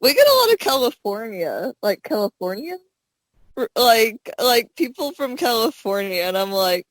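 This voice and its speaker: A woman's voice: fairly high pitch, moderate pace, dry recording. A woman from Arkansas co-hosting a podcast, talking casually and acting out quoted dialogue. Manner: animated, acts out quoted dialogue. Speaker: podcast co-host. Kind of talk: casual chat.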